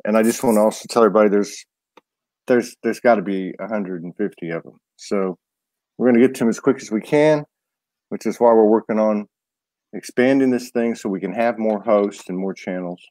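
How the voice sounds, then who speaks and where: A man hosting a live online show, loose and a bit halting, greeting viewers by name before bringing on his guest. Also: fairly low pitch, mellow, dry recording. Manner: loose, stumbling, reads out names. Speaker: host.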